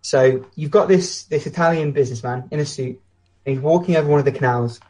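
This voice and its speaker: A man's voice: on the high side, fast talker, a little mellow. A British man co-hosting a casual podcast chat, blunt and opinionated, telling anecdotes. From Britain. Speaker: podcast co-host.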